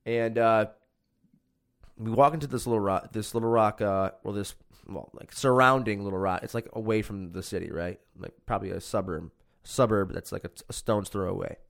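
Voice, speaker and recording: A man's voice: lowish voice, moderate pace, gravelly. A young man from Chicago telling a rambling, profane story in casual chat.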